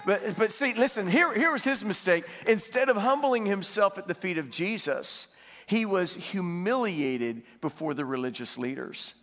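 A man preaching a sermon, animated and laughing as he tells stories and asks the congregation questions. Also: high voice, moderate pace. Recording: long hall reverb.

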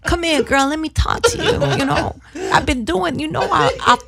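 A comedian putting on a smooth-talking older male comedy producer with a lisp. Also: extremely high pitch, animated, normal speed, a loud crowd, pitched above the performer's own voice, heavily acted.

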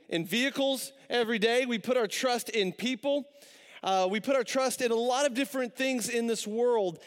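High-voiced preacher in a reverberant hall. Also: male voice, smooth. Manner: conversational, storytelling preacher with rhetorical questions. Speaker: pastor. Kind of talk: sermon. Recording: long reverb of a large hall.

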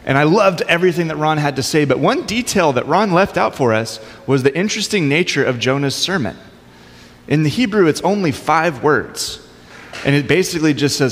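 A man's voice: fairly high pitch, animated, normal speed. A male pastor preaching a sermon in a conversational, informal way with light humor. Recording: long hall reverb.

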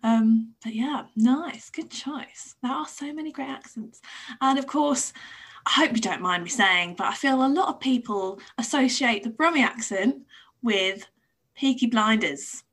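A woman's voice: on the high side, a little slow, fairly bright tone, slightly rough. A woman from England hosting a casual interview chat, chatty and laughing often, with hesitant restarts. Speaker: podcast host.

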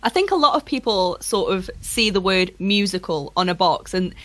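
A lively woman talks candidly in casual podcast chat and swears in passing. Her voice sounds dry and close. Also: medium pitch, moderate pace, no echo.

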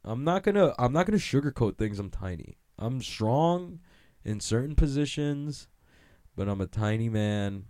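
Young male comic, casual rambling stand-up, deep dry voice, cursing freely. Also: warm tone, smooth, dry recording. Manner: rambling, profane, self-mocking, laughs often. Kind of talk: casual comedic monologue.

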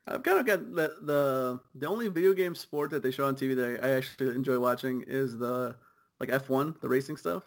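A young man co-hosting a soccer podcast, chatting casually and riffing with easy laughs. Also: medium pitch. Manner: laid-back, quick riffing with laughs. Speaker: podcast co-host.

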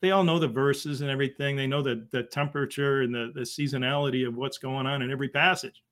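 Middle-aged man, guest telling a story, halting, emotional, restarts a lot. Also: mid-range voice, steady tone, a bit bright. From Boston area. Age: 50s. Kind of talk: conversational storytelling.

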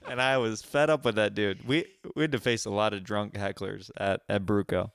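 Bright-voiced man in casual chat. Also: fairly low pitch, moderate pace, smooth. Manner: laughing, animated storytelling with many fillers. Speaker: podcast co-host.

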